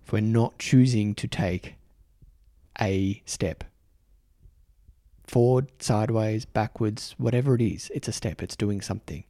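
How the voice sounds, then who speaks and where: Aussie guy doing a heartfelt solo podcast, a bit low-voiced, keeps restarting his sentences, dry close sound. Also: mellow, no room sound. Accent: Australian. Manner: earnest, halting, many restarts. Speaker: podcast host. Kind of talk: reflective solo talk to camera. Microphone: microphone in front of him.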